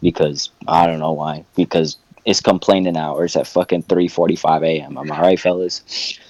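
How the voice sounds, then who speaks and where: A man's voice: very deep voice, fairly even intonation, normal speed, a little mellow, no room sound. A young man co-hosting a podcast, telling a rambling, profane story with lots of laughing and acted-out voices. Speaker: podcast co-host. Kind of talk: casual storytelling chat. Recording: dull lo-fi sound.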